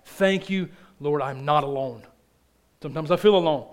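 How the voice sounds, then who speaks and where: An earnest male preacher delivering a sermon in church. His voice sits a little higher than most men's, and he leans on repeated phrases, often sinking soft at the close of a line. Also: moderate pace.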